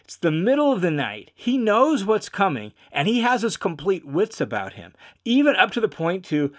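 Lively male Bible teacher. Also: sits high, normal speed. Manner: animated storytelling, acting out quotes; conversational with "right?" asides. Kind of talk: verse-by-verse Bible lesson.

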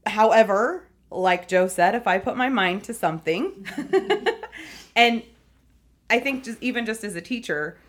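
A woman talks earnestly about fostering in a relaxed interview. She is a teacher who speaks with conviction and feeling. Small laughs break into her telling. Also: mid-range voice, a little slow. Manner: earnest, animated storytelling with frequent laughs. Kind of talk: conversational interview.

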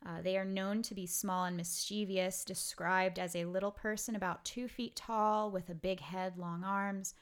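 A woman's voice: mid-range voice, fairly even intonation, moderate pace, few pauses, clear, resonant tone. A woman from Brooklyn co-hosting a podcast in casual chat, rambling with lots of "like" and the odd curse word. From Brooklyn, New York. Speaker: podcast co-host.

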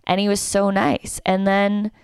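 Animated young woman telling a story. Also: medium pitch, a little slow, clear, resonant tone, dry recording, studio quality. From Canada. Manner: animated, acts out quotes. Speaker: comedian and podcast co-host. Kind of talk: casual podcast storytelling.

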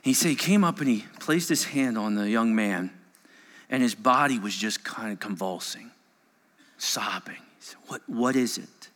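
A male pastor preaching a sermon, telling a story that swings between hushed moments and raised, urgent passages. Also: fairly low pitch, normal speed. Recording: long hall reverb.

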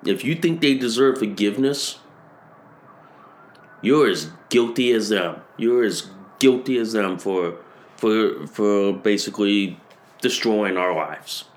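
A man hosting a podcast, ranting and hammering the same phrases over and over, rising to shouted peaks. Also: lowish voice, slow pace. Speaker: podcast host. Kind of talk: political rant.

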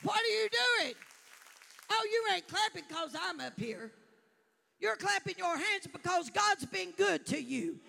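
A woman preacher delivering a fervent sermon to a congregation, building up to shouts. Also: very high-pitched, expressive, a little slow, gravelly, a faint crowd.

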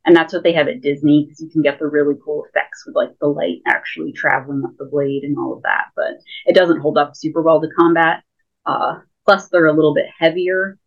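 A woman with a low voice talks as an interview guest, explaining casually and peppering her speech with fillers. Her audio comes through a thin, phone-like remote call line. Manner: chatty, explains with many fillers. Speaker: guest, lightsaber school founder.

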